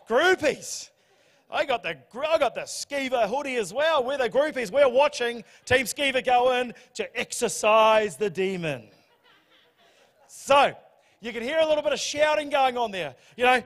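A man preaching a sermon, telling the story in a humorous, animated way. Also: very high voice. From New Zealand. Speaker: pastor. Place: church hall. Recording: church hall reverb.

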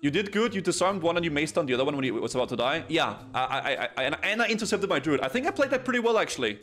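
A man streaming a video game match, commenting excitedly with stammered restarts and sudden laughing yelps. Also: on the high side, rapid-fire. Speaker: streamer playing arena matches.

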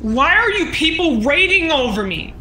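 A woman's voice: sits high, sing-song, moderate pace, sharp tone, slight background noise, poor audio. A woman on a live stream, defensive and irritated, snapping back at people trolling her. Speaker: streamer being raided.

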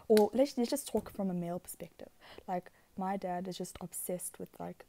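A woman's voice: mid-range voice, creaky, mellow. A woman giving a casual, rambling astrology talk, giggly and chatty, who swears freely and slips into whispered asides. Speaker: astrology vlogger.

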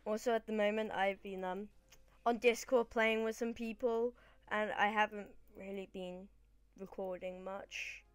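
A woman's voice: medium pitch, fairly even intonation, measured pace, smooth, no room sound. A British woman rambling casually through gameplay commentary, often correcting herself mid-sentence. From Britain. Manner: chatty, rambling, self-correcting. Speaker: gaming channel host.

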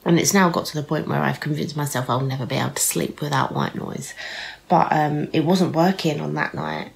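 A young woman with a British accent vlogs in a relaxed, rambling chat to camera. Her voice sits low with a gravelly fry, and a blocked nose makes it nasal. She talks frankly, with lots of ums and the odd swear word. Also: brisk, slight background noise, poor audio. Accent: British English. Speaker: vlogger.

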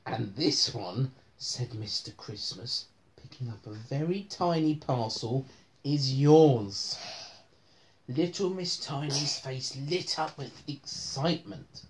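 A woman's voice: a bass voice, animated, takes it slowly, crowd noise. A woman reading a bedtime story aloud to her children at home, often breaking into laughter as she reads.

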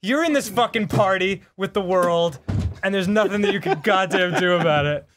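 A man co-hosting a gaming show, excitable and swearing freely, laughing often. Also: high-pitched, moderate pace, slight background noise. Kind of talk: casual gaming commentary.

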